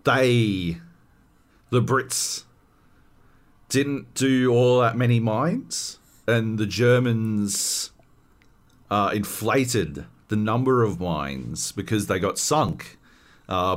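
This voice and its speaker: Man, podcast host, casual chat, low voice, swings widely in pitch, profane, animated. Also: slow pace.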